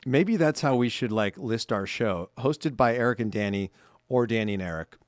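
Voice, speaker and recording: A man's voice: mid-range voice, normal speed, no room sound, studio quality. A man co-hosting a holiday podcast, reading listener cards aloud in a chatty way and laughing often. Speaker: podcast co-host. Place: studio. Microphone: studio microphone.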